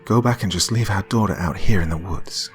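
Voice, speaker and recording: An angry young mother in a creepy short story, spitting bitter accusations in a hushed, half-whispered voice, as a male narrator puts her on with his own low pitch. Faint music plays underneath. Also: brisk, close to an everyday voice. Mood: furious.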